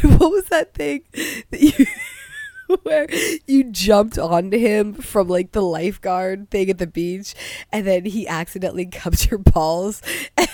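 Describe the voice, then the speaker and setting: Giggly young woman with a lively voice. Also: mid-range voice, no echo. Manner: giggly, laughs constantly mid-sentence, lots of likes. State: has a cold. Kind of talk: casual storytelling chat.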